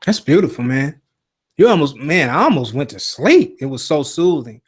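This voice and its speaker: Male talk-show host, easygoing chat, slightly high voice. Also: very animated, normal speed, slightly rough. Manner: laid-back, says "man" a lot.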